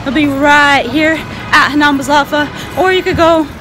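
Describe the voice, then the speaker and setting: A woman with a high, bright-sounding pitch talks in a casual, jokey vlog style, breaking into loud exclamations. She is filming herself outdoors on a busy street. Heavy traffic noise and honking run under her voice. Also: moderate pace, a crowd in the background. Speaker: vlogger. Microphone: handheld camera filming herself.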